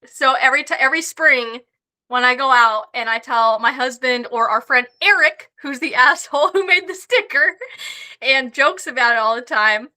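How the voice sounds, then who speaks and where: High, bright-voiced woman telling stories. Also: normal speed. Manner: profane, laughing anecdotes. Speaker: podcast guest. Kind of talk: casual storytelling.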